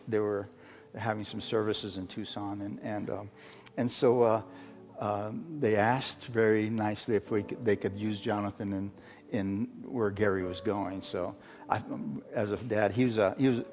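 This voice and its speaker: A middle-aged man from Arizona, a guest preacher telling a story as a sermon testimony, halting, with many fillers and restarts. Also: fairly low pitch, a little mellow. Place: church sanctuary. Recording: long hall reverb with faint music.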